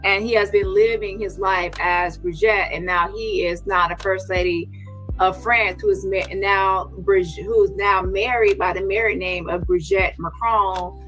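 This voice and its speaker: A woman's voice: mid-range voice, fairly even intonation, a little slow, a bit bright, soft background music. A woman hosting a casual livestream chat, rambling and tagging her points with "okay?" and "child". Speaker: livestream host.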